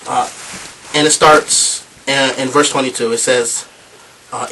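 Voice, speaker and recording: A young man giving a youth club talk, telling a story in an animated, chatty way with lots of fillers. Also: medium pitch, measured pace, long pauses, a little hiss or hum. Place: club meeting room with a group of youth. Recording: voice from a distance.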